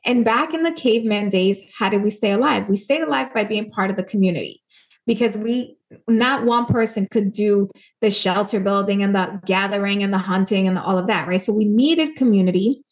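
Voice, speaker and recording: A woman's voice: mid-range voice, fairly quick. A woman from Puerto Rico, an author talking earnestly and with emphasis in a casual interview. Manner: earnest, emphatic, acts out quoted voices. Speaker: author and guest.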